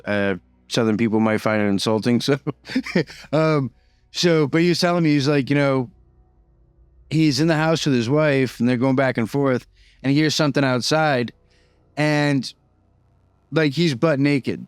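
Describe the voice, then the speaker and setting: Guy rambling thru a story, lots of like and you know, smooth voice, dry sound. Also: mid-range voice, unhurried, long pauses, no echo. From Boston. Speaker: YouTuber telling prison stories. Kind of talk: casual storytelling.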